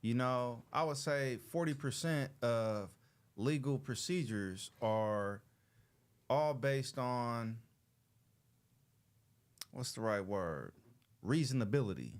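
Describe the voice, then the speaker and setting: Man in his thirties from Los Angeles, show host, casual slangy storyteller who acts out quoted people, middle pitch. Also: lively intonation, slow, long pauses.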